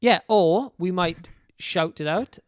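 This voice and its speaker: A man's voice: sits high, takes it slowly, dry recording, clean studio sound. A man with a South Welsh accent co-hosting a podcast, easygoing and jokey in casual chat. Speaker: podcast co-host.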